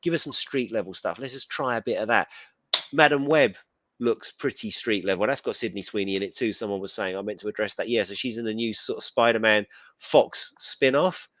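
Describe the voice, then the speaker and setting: Co-host, man, lowish voice, chatty and rambling, dry sound. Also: a bit bright, no room sound. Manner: chatty, rambling, quick asides. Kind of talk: casual pop culture chat.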